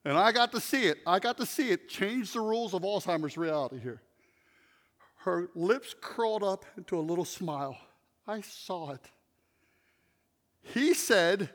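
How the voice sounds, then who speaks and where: A man preaching a sermon and telling stories, swinging between loud shouts and hushed, near-whispered passages. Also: sits high, lively intonation, normal speed, long pauses. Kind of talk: sermon storytelling. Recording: long reverb of a large hall.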